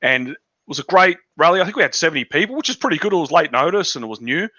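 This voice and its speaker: Bright-voiced profane Australian man. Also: fairly high pitch, big pitch swings, racing, no echo. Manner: blunt, profane, ranting. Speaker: podcast host. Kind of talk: casual political chat. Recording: dull lo-fi dry recording.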